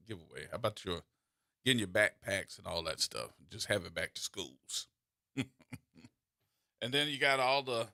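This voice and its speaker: Animated New radio host, forceful voice. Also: male voice, on the low side, vocal fry, no echo, studio quality. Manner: animated storytelling, repeats and restarts. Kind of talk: call-in talk radio monologue. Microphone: studio microphone.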